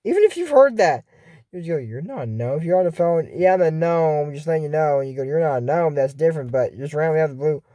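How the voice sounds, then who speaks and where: A man's voice: a little high, fast, hardly any pauses, warm tone. A man giving a casual, jokey recap of a cartoon episode, rambling through asides and retellings.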